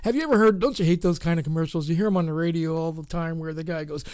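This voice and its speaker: A man with a high-pitched voice hosts a live internet radio show. He rambles in a casual, unscripted way, full of fillers and jokes at his own expense. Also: very fast, darkish tone, clean tone. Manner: rambling, self-mocking, many fillers.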